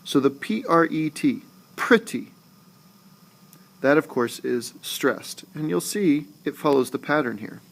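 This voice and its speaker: A man teaching a recorded lesson, talking slowly and deliberately and saying example words aloud more than once. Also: fairly high pitch, gravelly. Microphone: screencast voice-over.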